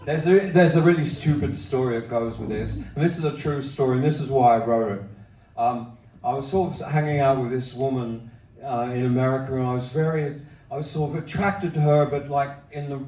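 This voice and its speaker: A man's voice: mid-range voice, dark tone, distant mic. Wry older man telling stage stories. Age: 70s. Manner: wry, rambling, profane, self-mocking. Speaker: singer-songwriter performing live. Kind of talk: onstage storytelling between songs. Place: sold-out live music hall. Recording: roomy hall sound from the audience area. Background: acoustic guitar and audience.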